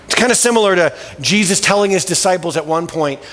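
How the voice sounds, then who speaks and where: A man preaching in a church sanctuary, his slightly high voice swinging widely up and down as he tells the story. His manner is casual and conversational, with colloquial asides, and a long reverb trails behind each phrase. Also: lively intonation, fast talker, a bit bright. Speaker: pastor. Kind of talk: sermon.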